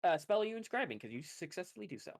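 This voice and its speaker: A man's voice: high-pitched, big pitch swings. Laid-back man running a tabletop game. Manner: loose, rambling, quick to laugh. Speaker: game master.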